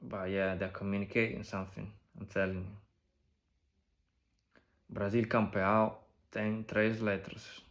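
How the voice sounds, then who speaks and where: A man giving casual, speculative commentary on a video, musing through a list of phrases with many pauses and frequent "you know" and "right?" asides. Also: on the low side, flat delivery, a bit bright. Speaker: video creator decoding an advertisement.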